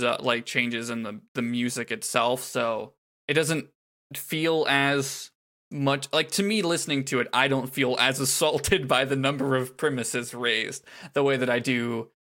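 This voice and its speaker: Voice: medium pitch, steady tone, a little slow, sharp tone. A podcast co-host in casual chat about song lyrics, chatty and laughing, with many restarts.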